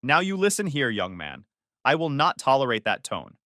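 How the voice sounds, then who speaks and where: A woman's voice: rumbling low, very animated, moderate pace, a bit bright, dry recording, clean studio sound, exaggerated voice. A man voicing a judgmental middle-aged mother with a fake-sweet, scolding manner. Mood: indignant.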